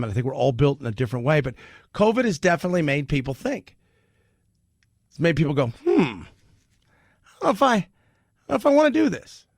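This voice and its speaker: A man's voice: mid-range voice, creaky, no echo. A middle-aged man hosting a talk radio show, talking bluntly and sarcastically in a rambling monologue into a studio mic.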